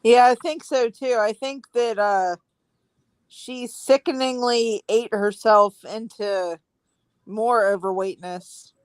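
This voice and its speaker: A woman's voice: on the high side, fairly even intonation, takes it slowly, clear, resonant tone, no echo, poor audio. A woman chatting casually and agreeing with the others on a livestream. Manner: agreeing, laughing along. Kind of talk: casual chat. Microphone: livestream mic.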